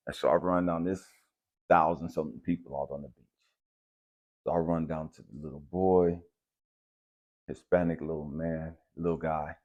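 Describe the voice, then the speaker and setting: Low, mellow-voiced man telling a story. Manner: relaxed, conversational, uses slang like bet and dap. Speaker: channel host. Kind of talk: casual spiritual storytelling.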